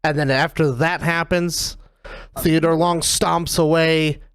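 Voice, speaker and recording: Woman, podcast co-host, casual chat, animated swearing recap, dry room. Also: deep voice, slow pace, clear, resonant tone, dry recording. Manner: animated storytelling with profanity and laughs.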